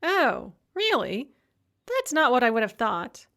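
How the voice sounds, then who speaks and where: A woman's voice: high voice, very animated, a little slow, pushed and bright, voice pushed up, exaggerated voice. A woman narrator voicing a supercilious, self-absorbed young woman activist who whines and talks down to others. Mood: complaining, superior. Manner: condescending, complaining.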